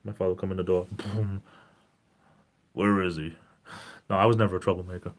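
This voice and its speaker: A man in his forties chatting casually on a live stream in a gentle, caring tone, rambling and breaking off mid-sentence as he greets viewers. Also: sits low, level tone, racing. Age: 40s. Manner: rambling, self-interrupting, greets chat viewers.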